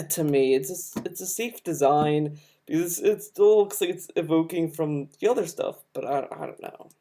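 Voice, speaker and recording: A man's voice: on the high side, mellow. A man streaming a reaction to a video, arguing his points emphatically and talking over what he is watching. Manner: argumentative, emphatic, interrupts the video. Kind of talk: heated reaction commentary.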